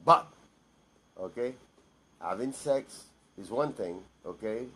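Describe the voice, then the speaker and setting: A man's voice: lowish voice, expressive, takes it slowly, sharp tone, breathy edge. Blunt, repetitive man speaking his mind. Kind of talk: unscripted personal monologue.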